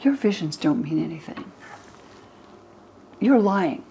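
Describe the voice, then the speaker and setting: A woman's voice: fairly low pitch, animated, takes it slowly, mellow, slight background noise. An older woman voicing Peter, an angry, disbelieving male disciple, with scoffing questions as she retells an ancient text. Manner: incredulous, scoffing.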